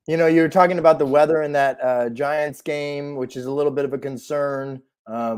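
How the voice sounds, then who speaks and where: A man giving fantasy football picks on a live show, speaking in a measured, hesitant way with many pauses and ums. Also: medium pitch, a little mellow. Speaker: co-host analyst.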